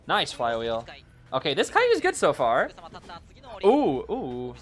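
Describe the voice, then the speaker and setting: A man giving casual, excitable live commentary on a game match, rambling with lots of fillers. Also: on the high side, measured pace, long pauses, soft background music.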